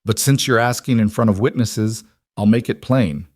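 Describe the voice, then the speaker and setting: A man's voice: fairly low pitch, moderate pace, no echo, clean studio sound, close to an everyday voice. A man voicing a tough, blunt rancher who is no longer young, in a spoken frontier story. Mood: defiant. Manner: flat, blunt.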